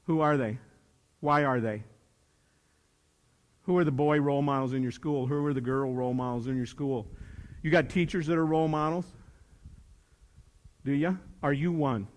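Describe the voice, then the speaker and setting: An older man with a fairly high voice speaks to a crowd of students. He is emphatic and joking, and he drives his points home with repeated phrases. His words ring out with a long hall reverb behind them. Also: fairly even intonation, moderate pace, pauses often. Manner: emphatic, joking, preacher-like repetition. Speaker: motivational speaker. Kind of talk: speech to a youth leadership audience.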